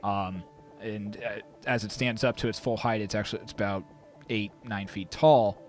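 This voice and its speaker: A man's voice: on the low side, fairly even intonation, normal speed. A man narrating as dungeon master for a tabletop game, full of hesitations and fillers.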